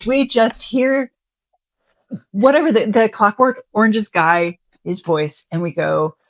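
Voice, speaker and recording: A woman's voice: medium pitch, slow, no room sound. A woman co-hosting a casual commentary podcast, chatty with rambling asides and frequent giggles. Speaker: podcast co-host.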